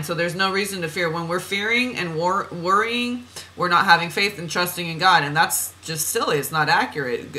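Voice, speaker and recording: On poor audio, a woman with a lowish, sharp-toned voice reads oracle cards for a client. Her spiritual monologue is chatty and rambling; she laughs at herself and wanders off on tangents.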